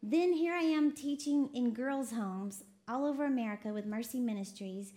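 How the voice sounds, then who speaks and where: A woman from Texas preaching a lively sermon, laughing often and quoting voices as she talks. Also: a little high, moderate pace. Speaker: preacher co-hosting a broadcast. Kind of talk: sermon to a women's audience.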